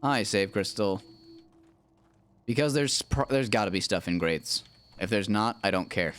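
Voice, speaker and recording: A man's voice: lowish voice, measured pace, a bit bright. A man streaming a video game with his wife, chatting playfully, narrating his own moves and humming silly nonsense tunes. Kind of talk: casual livestream gaming commentary.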